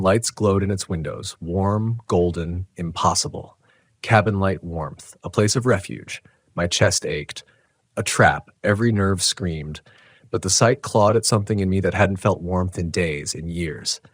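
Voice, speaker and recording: A man telling a first-person horror story in a tense, dramatic, measured way. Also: deep voice, no room sound. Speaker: narrator.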